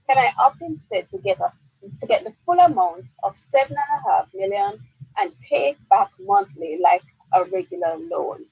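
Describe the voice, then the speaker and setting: Woman, Jamaican accent, lawyer on call-in radio, firm and explanatory, slightly husky. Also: high-pitched, very animated, normal speed, a little mellow, no room sound, poor audio. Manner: firm, explanatory, repeats key points. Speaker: lawyer answering listener questions. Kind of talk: radio call-in legal advice. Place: radio studio.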